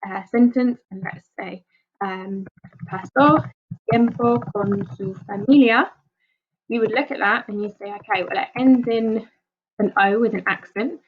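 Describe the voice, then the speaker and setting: A woman's voice: medium pitch, unhurried, breathy edge, narrow, tinny audio. A woman with an English accent, a language teacher explaining a lesson step by step over slides and checking in with "okay?".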